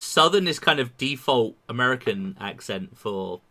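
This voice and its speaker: Rambling, lively-voiced man chatting. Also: medium pitch, moderate pace. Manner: rambling, laughing, trailing off. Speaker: game master. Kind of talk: casual chat before a game stream.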